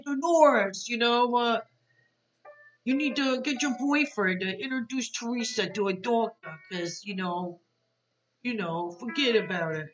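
Woman podcast host rambling thru a tv recap, bright forceful voice, kinda muffled audio. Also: mid-range voice. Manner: chatty, rambling, lots of fillers and asides. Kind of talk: casual reality TV recap chat.

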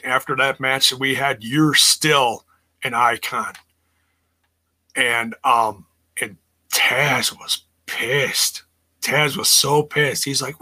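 Lively husky-voiced man hosting a podcast. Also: a little high. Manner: rambling and blunt, swears freely. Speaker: podcast host. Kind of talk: casual wrestling recap.

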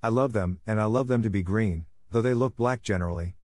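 A man's voice: fairly low pitch, brisk, a little mellow, no room sound, clean studio sound, lightly acted. A man voicing a timid, admiring schoolgirl who falters when startled, in an audiobook.

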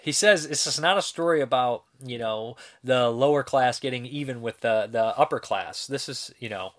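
A man talks through a film review in a loose, unscripted way, circling back on his points and stacking up fillers and restarts. His voice sits at an ordinary middle pitch. He breaks into laughter often as he gets excited. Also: normal speed. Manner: rambling, enthusiastic, laughs often, many fillers. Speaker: film reviewer, show host. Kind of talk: casual spoken film review.

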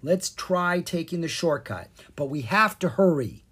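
Storyteller putting on a plucky girl hero, voice jumps up high and lively, a bit breathy. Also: a little slow. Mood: brisk. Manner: urgent, raised and bright. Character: brave determined young girl adventurer.

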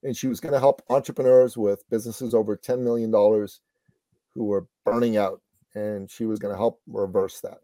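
A middle-aged man, a business coach, telling a motivational story in a lively conversational way. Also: on the low side, brisk, no room sound.

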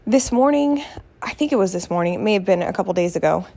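A woman's voice: medium pitch, animated, fast, creaky, warm tone. A woman, hosting her podcast from home, chatty and self-mocking as she tells stories. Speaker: podcast host. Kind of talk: casual chat. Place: at home, not her usual podcasting room.

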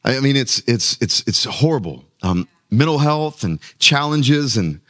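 A man preaching a sermon to his congregation, his pitch sitting in an ordinary middle range. He often stumbles over and repeats words as he builds emphasis, then climbs higher as he presses a point. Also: lively intonation, measured pace, fairly bright tone. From United States. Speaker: pastor.

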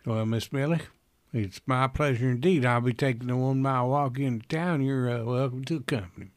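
A man's voice: medium pitch, fairly quick, no room sound, lightly acted. A man playing a folksy Southern coffin maker. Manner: folksy, rambling, talkative.

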